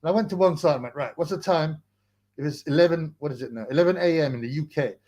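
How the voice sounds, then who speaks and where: A man's voice: a little high, rapid-fire, darkish tone. A young man hosting a casual livestream, rambling in slang, mocking a rival and reading viewer comments aloud. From United Kingdom. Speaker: livestream host.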